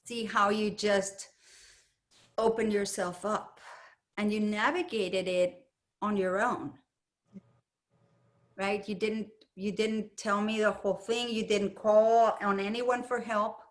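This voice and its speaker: A woman guiding a meditation circle, her voice soft and soothing. She speaks at an unhurried, drawn-out pace, lingering on her words. Her pitch sits in a middling range, warm and affirming toward each person. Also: level tone. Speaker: meditation group leader. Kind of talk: gentle guided group sharing.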